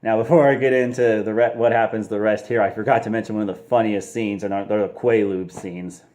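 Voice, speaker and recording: Rambling man with a lowish voice. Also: fairly even intonation, a little fast, a little mellow. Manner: rambling, lots of fillers, laughs often. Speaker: movie reviewer. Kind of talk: casual movie review vlog.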